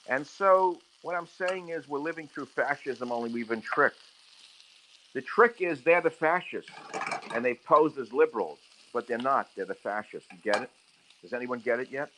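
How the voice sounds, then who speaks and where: A man's voice: fairly low pitch, a bit bright, slight background noise, low-quality recording. A man talking casually while cooking on a livestream from his home kitchen. He speaks into a handheld phone and slides into crude, heated rants. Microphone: handheld phone camera. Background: sizzling frying pan.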